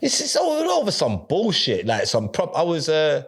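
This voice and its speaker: A man's voice: on the high side, huge pitch swings, moderate pace. A man in his thirties with a London accent, a rapper telling a story as a podcast guest in rambling street slang with many restarts. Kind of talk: casual storytelling.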